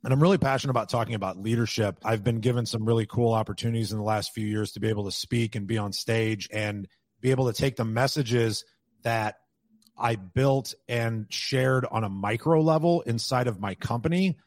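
Straight-talking guy guest on a podcast, swears a lot, dry close sound, middle pitch. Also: no room sound. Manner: candid, quick, peppered with swearing. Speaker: podcast guest, roofing business owner. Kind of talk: casual interview talk.

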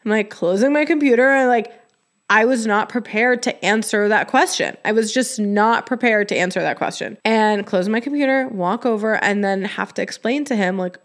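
Woman, podcast host, casual chat, candid, expressive, says "like" constantly, mid-pitched voice. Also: normal speed. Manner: chatty, heavy use of "like".

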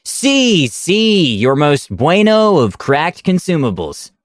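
A man voicing a player who hams up a fake Spanish accent in an over-the-top, mock-serious way, his voice pitched well above his own. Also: huge pitch swings, slow pace, dry recording, clean studio sound, exaggerated voice. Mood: hammy.

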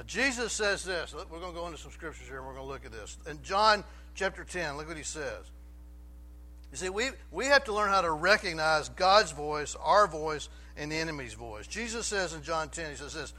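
A man's voice: fairly high pitch, sharp tone. A man preaching a sermon to his congregation, chatty, often asking the room questions and restarting his sentences. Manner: conversational, asks the congregation questions, self-interrupting. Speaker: pastor. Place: church before a congregation.

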